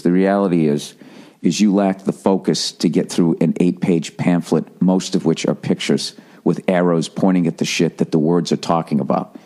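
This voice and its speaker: American guy ranting on his podcast, swears a lot, kinda low voice, rambly and self-mocking. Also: fairly even intonation, moderate pace, mellow. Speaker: podcast host. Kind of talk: comedic ranting monologue.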